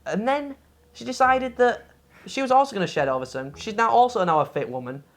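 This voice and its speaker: A woman's voice: on the high side, fairly quick. Woman ranting, swearing, exasperated. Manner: exasperated ranting, profane, animated. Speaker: game reviewer co-host. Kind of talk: casual review chat.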